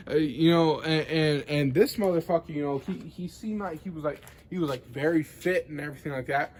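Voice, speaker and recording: A man's voice: on the high side, fairly quick, hardly any pauses, a little mellow. Rambling, profane young man. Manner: rambling, profane, heavy on filler words. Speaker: vlogger. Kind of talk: casual monologue to camera.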